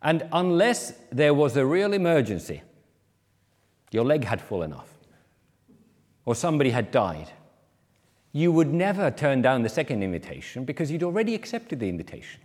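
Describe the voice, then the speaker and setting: A man's voice: mid-range voice, sing-song, moderate pace, long pauses, darkish tone. Man preaching in a reverberant hall. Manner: explanatory, acts out quoted speakers. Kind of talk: sermon on a parable.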